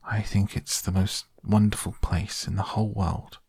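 A man's voice: fairly low pitch, flat delivery, normal speed, creaky, a little mellow, breathy edge, no echo. A man voicing an eager, kind young boy who speaks in a wide-eyed, earnest way.

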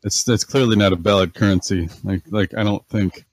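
A man playing a tabletop game, laid-back and quick to laugh. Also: lowish voice, steady tone, no echo. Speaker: player. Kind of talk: casual tabletop game play.

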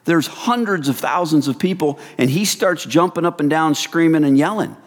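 A man preaching a sermon in a casual, animated way, swinging from hushed lines to loud excited bursts. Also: on the high side, moderate pace, in a large hall. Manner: casual, addresses the crowd as "you guys".

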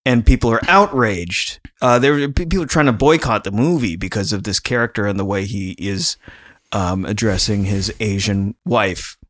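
A man's voice: on the low side, moderate pace, a bit bright. Chatty man rambling on a podcast. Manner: chatty, rambling, laughs often. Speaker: podcast co-host. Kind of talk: casual podcast chat.

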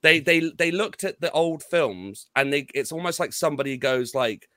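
A man's voice: a little high, animated, moderate pace, fairly bright tone, dry recording. A man on a podcast, rambling and exasperated about a film, swearing often and restarting his sentences. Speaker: podcast co-host. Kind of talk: casual film review chat.

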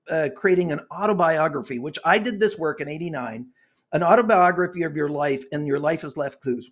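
Brief: impassioned older man, sixties, high voice, preachy interview guest. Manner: impassioned, preachy, gets worked up. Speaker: guest author and consultant. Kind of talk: earnest interview talk.

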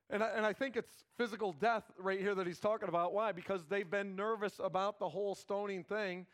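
A man preaching a sermon, moving between emphatic loud passages and hushed low ones and acting out biblical characters in quick quoted asides. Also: steady tone. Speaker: pastor.

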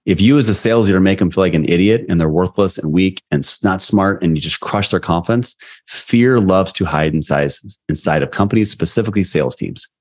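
A sales leadership coach appears as a podcast guest, speaking candidly and retelling past conversations as anecdotes in a casual interview. His voice is low and darkish, and he talks a little fast.

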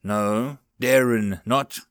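A man's voice: very animated, moderate pace, fairly bright tone, dry recording, clean studio sound. A man doing a wry patient human wizard. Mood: amused. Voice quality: deep foreign-sounding voice.

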